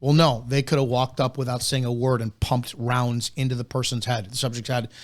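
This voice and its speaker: The host of a live policing analysis show lectures officers bluntly and insistently, repeating key words for emphasis and swearing. His middle-pitched voice has little pitch movement, moves fairly quickly, and often stumbles into false starts and restarts.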